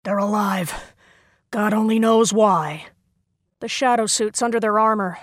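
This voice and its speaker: A man voicing a brisk, matter-of-fact woman medic in an audiobook. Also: sits high, fairly even intonation, fairly bright tone, no echo, clean studio sound, pitched above the performer's own voice.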